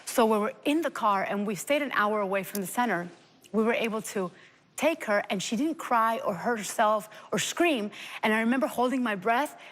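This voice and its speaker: A woman's voice: fairly high pitch, lively intonation, normal speed, a bit bright, in a large hall. A mother telling an emotional personal story as a guest on a TV talk show, earnest and close to tears. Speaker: parent guest.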